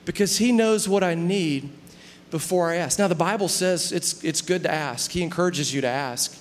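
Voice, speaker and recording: A man's voice: a little high, moderate pace, big-room sound, slight background noise. A middle-aged man preaching a conversational sermon, often stopping to ask whether the listeners follow. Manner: conversational preaching, often asks "do you see?". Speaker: pastor.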